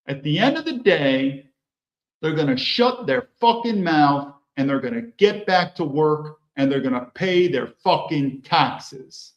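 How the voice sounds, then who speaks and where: A man voicing a callous, dismissive rich billionaire who speaks slowly and coarsely. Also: high voice. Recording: echoey, dull room sound.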